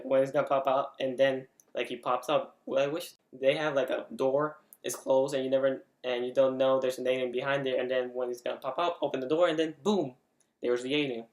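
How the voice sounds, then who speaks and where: A man talks through a casual review in a chatty, rambling way, often leaning on "like" and restarting his sentences. His voice sits at an ordinary middle pitch. The recording has a roomy echo around him. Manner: chatty, with frequent "like" fillers and restarts. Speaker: vlogger reviewing an event.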